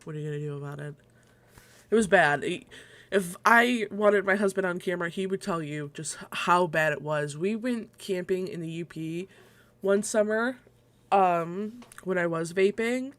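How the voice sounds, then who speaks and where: Young woman streamer, slightly wheezy, drawls slowly, rambly and sweary, laughs a lot. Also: lowish voice, a bit bright, dry recording. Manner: rambling, profane, laughs often. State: slightly short of breath. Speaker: livestream host. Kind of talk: casual solo livestream chat.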